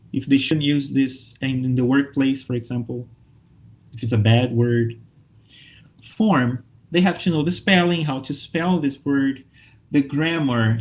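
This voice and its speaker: A man from Brazil giving an online talk to English teachers, upbeat and lively, checking in often with his listeners. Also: mid-range voice. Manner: lively, upbeat, checks in with frequent okay and right.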